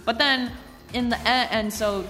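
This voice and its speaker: A co-host casually recapping a video game, excitable and quick to laugh, talking with many fillers. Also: mid-range voice, in a large hall, over music.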